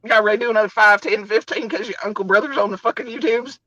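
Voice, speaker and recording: A woman co-hosting a livestream, talking loudly and brashly, cussing and exclaiming. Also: mid-range voice, quick pace, dry recording, highs cut off. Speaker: livestream co-host. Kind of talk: loud casual chat.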